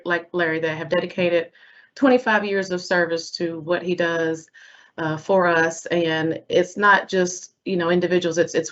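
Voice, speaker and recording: A woman hosting a remote HR chapter meeting, speaking warmly and laughing lightly between remarks. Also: on the low side. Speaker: meeting host. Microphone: video call. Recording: dull lo-fi webinar audio.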